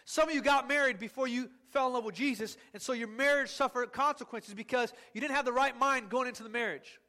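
A man's voice: extremely high pitch, bright, forceful tone. A male pastor preaching a sermon, stretching out words for emphasis and calling on the congregation to repeat after him. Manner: emphatic, drawn-out words for stress.

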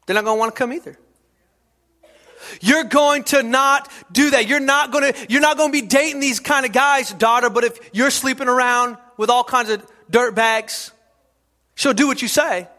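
High, bright-voiced man preaching. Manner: preaching with repetition and sudden shouts. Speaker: pastor. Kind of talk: sermon.

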